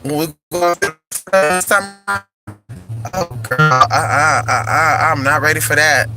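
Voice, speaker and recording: A man's voice: a little high, normal speed, over loud music, rough recording. A man vlogging in casual chat, playful and crude, calling his viewers honey and y'all.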